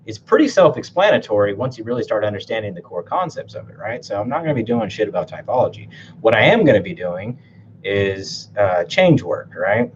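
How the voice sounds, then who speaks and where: A man's voice: on the low side, sing-song, fairly quick. Blunt, foul-mouthed male coach in casual talk to camera; dull lo-fi recording, light hiss. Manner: blunt, swears a lot, tags sentences with "right?". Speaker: typology and NLP coach.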